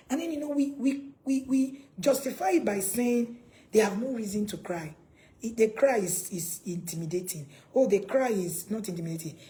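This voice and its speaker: A parenting coach with a medium-pitched voice gives a preachy talk to camera over poor audio. She quizzes her viewers, repeats her points, and bursts into loud, acted scolding.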